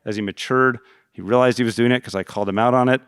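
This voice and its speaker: A man talks fast and earnestly in a conference fireside chat, laying out his points with everyday examples. His voice sits in a middle register and sounds close and dry, with no room echo. He has the steady manner of a seasoned author. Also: medium pitch, smooth. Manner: brisk, earnest, explains with examples. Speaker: author and guest speaker. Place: conference stage.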